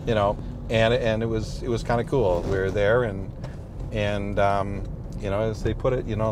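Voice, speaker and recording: Middle-aged priest, deep-ish voice, rambling and good-humored, road noise of a moving car behind him. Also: male voice, fairly even intonation, moderate pace. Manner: rambling, many restarts and "you know"s, good-humored. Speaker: priest, interview guest. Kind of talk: casual storytelling chat.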